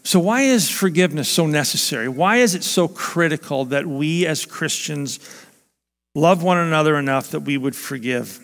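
A man's voice: a little high, expressive, moderate pace, a bit bright, in a large hall. A man preaching a sermon as pastor, earnest and emphatic, repeating his key phrases.

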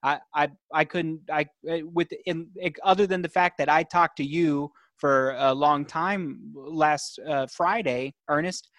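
A man's voice: on the high side, steady tone, unhurried, few pauses, fairly bright tone, no echo. A man guest in a casual panel discussion, chiming in agreeably.

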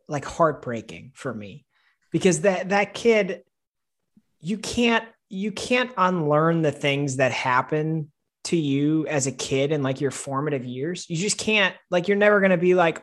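A podcast co-host in casual chat, speaking earnestly with halting restarts. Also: mid-range voice, expressive.

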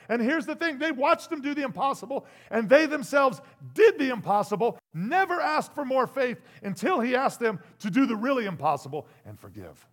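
An animated male pastor delivering a sermon with a high, lively voice. He swings from loud, excited bursts to quiet, hushed lines and acts out what people say. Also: normal speed, few pauses.

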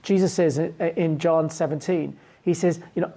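A woman's voice: low-pitched, steady tone, normal speed, dark tone. A woman pastor giving an earnest sermon, often restarting and repeating words.

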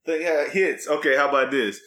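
A man's voice: a little high, a little fast, a bit bright, roomy sound. A man chatting casually as a podcast host, laughing often and singing bits of songs. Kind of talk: casual chat.

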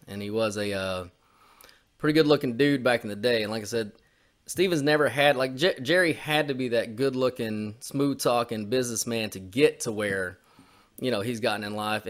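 A man's voice: medium pitch, moderate pace. A man hosting a podcast, ranting and joking about sports with heavy swearing. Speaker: podcast host. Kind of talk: casual sports chat.

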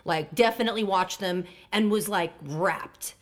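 A woman's voice: medium pitch, normal speed. A woman co-hosting a podcast, chatting casually and profanely, full of playful asides and impressions. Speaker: podcast co-host. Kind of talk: casual recap chat.

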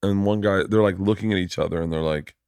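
A male comedian hosts a podcast and tells rowdy, swearing stories with lots of energy. His voice sits on the low side. The recording is close-miked and dry. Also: fast, clear, resonant tone, no echo. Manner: rowdy, animated anecdotes with profanity. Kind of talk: casual podcast chat.

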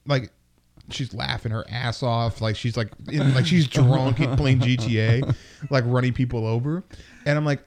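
A man's voice: mid-range voice, steady tone, normal speed, darkish tone. A man who streams games telling stories in a casual chat, rambling, swearing and acting out quoted people.

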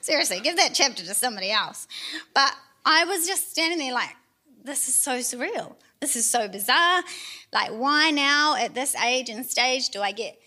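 A woman's voice: sits high, expressive, normal speed, bright, forceful tone. A middle-aged woman pastor, telling a personal testimony in a chatty, self-deprecating way with laughing asides. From New Zealand.

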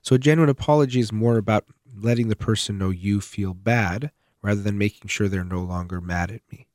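A man's voice: on the low side, a little fast, darkish tone, no room sound, studio quality. A man giving unscripted advice on relationships in an earnest, explanatory way, leaning on key words.

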